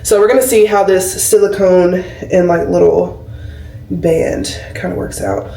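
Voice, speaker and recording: A woman's voice: lowish voice, unhurried, gravelly. A young woman in her twenties, a nurse, talking casually and animatedly to her camera while getting ready at home. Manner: chatty, animated storytelling with lots of fillers. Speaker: nurse and vlogger. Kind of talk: casual vlog chat. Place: indoors at home, doing her hair. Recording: roomy and a bit distant.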